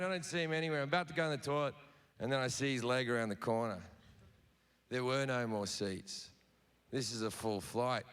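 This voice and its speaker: A man's voice: medium pitch, a bit bright, a little hiss or hum. An Australian man in his thirties doing profane stand-up comedy, telling a story and acting out the dialogue. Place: large theater stage before a live audience. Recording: live concert recording with hall reverb and crowd laughter.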